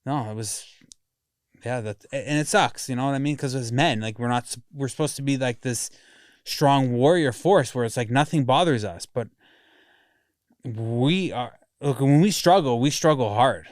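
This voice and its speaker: A man's voice: mid-range voice, normal speed, dry recording, clean studio sound. A man speaking candidly and emotionally as a podcast guest, swearing freely as he talks about his past. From Greek heritage family. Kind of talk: candid conversation.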